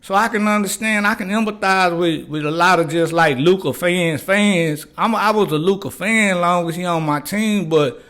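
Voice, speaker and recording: A man's voice: sits high, moderate pace, a bit bright. An older man hosting a casual sports talk show, rambling loosely in slang and repeating "man" and "you know what I'm saying.". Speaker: podcast host. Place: garage.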